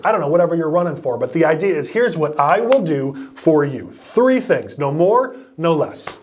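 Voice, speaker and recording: A man with a slightly high-pitched voice gives campaign advice in a blunt, emphatic way. He speaks in short, punchy lines. It sounds like an advice chat for a video. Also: expressive, normal speed, few pauses, darkish tone. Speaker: political campaign consultant.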